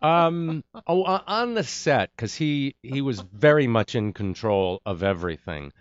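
This man, an actor on an interview, spins a lively story and performs the quotes of each person involved. He speaks in a mid-range voice without hurrying. The sound is dry and lo-fi.

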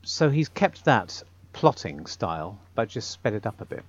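A man's voice: lowish voice, sing-song, normal speed. A man in a casual podcast chat, thinking aloud in long, self-correcting sentences. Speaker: podcast panelist. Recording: dull lo-fi sound.

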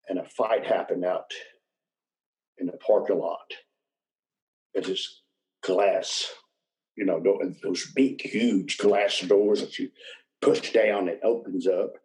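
A man's voice: low-pitched, fairly even intonation, slow, pauses often, darkish tone, poor audio. An older man, a retired wrestler, telling rambling road stories in a casual interview and chuckling as he goes. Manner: rambling anecdotes, chuckles mid-sentence.

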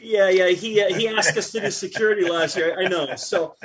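A middle-aged man talks casually on a podcast, his voice sitting a bit high for a man. He tells his anecdote with energy and acts out each character's lines as he goes. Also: a little fast, crowd noise. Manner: animated anecdote telling with acted-out quotes. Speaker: podcast guest. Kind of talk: casual chat, storytelling.

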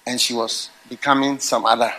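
A man preaching a sermon, telling stories and swinging between quiet musing and loud exclaiming. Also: mid-range voice, level tone, fairly quick, low-quality recording. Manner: storytelling with acted quotes.

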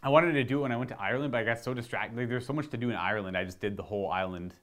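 A man from Ontario, chatting casually on his channel, rambling and correcting himself and getting animated while demonstrating. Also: medium pitch, very fast. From Ontario, Canada. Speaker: video host answering viewer questions. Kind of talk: casual chat.

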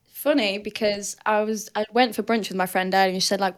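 A fast-talking woman with a medium-pitched voice, a guest athlete in her twenties, spins chatty, animated stories in a casual conversation, filling them with fillers. She is from Hull, England, was raised in southern Spain, and has a strong Northern English accent.

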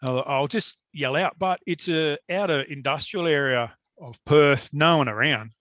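A man telling a long story in casual chat, animated and swearing freely. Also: fairly high pitch, measured pace, dry recording.

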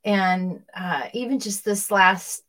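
A woman's voice: mid-range voice, slow pace, fairly bright tone. A woman co-hosting a Christian talk show, chatting in a conversational way and leading prayer.

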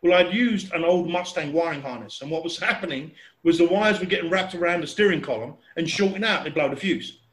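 A man in his sixties telling a casual, animated anecdote, chatty and acting out sounds and voices. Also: fairly high pitch, a little fast, few pauses, roomy sound. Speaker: storyteller.

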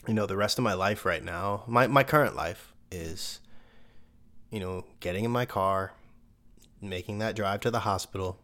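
A man's voice: lowish voice, normal speed, bright, forceful tone. A young man, a podcast host, telling a personal story in a loose conversational way, swearing now and then and laughing between thoughts. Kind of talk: casual storytelling monologue.

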